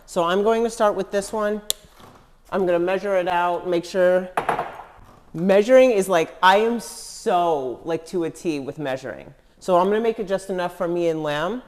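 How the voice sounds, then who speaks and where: A woman's voice: fairly low pitch, normal speed, a little mellow, a little hiss or hum. A woman in her home kitchen, talking to camera in a mock cooking tutorial and teasing her husband with earnest, over-serious instructions. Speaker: vlogger pranking her husband.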